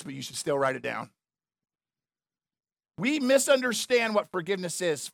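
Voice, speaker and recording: A man with a high, fairly bright voice preaches a sermon as a pastor, emphatic yet conversational. He repeats his key phrases and throws in asides to the crowd. The sound is clean studio audio without echo.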